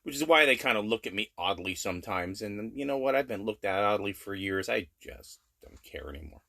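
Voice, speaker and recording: A man's voice: lowish voice, a little fast, vocal fry. Blunt plain-talking middle-aged man. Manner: blunt, plain-spoken, animated rants. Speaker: vlogger. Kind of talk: casual daily video update.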